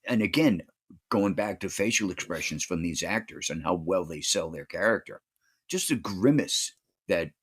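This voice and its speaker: A man co-hosting a movie podcast, talking casually and haltingly with many fillers. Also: low voice, expressive, a bit bright, husky. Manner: rambling, hesitant with many fillers. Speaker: podcast co-host. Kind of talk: casual movie review chat.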